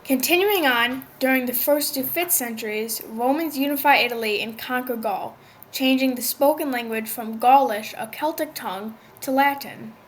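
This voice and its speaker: A woman with a fairly high voice reads out a language lesson from a script. She explains step by step in an even, instructive way. Now and then she stumbles and restarts a word. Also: normal speed, slight background noise. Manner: reads a prepared script, with small slips and restarts. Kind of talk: scripted educational narration.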